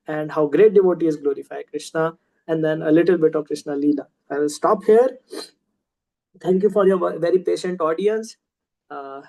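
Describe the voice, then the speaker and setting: A man's voice: a little high, vocal fry, dark tone, low-quality recording. Man, casual scripture teacher on a video call, chatty, hesitant, lots of ums. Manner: chatty, hesitant with many fillers. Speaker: class teacher. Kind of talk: scripture class storytelling.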